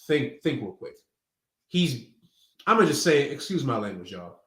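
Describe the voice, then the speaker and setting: Male preacher, conversational slangy delivery, animated, echoey room. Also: mid-range voice, unhurried, pauses often. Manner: casual street slang, conversational. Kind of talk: sermon teaching.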